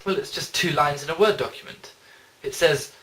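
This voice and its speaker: A man's voice: fairly high pitch, normal speed, bright, forceful tone, far from the mic, slight background noise, low-quality recording. A man playing a dry, sarcastic detective. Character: smug, aloof adult male detective. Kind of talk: fan parody audio drama.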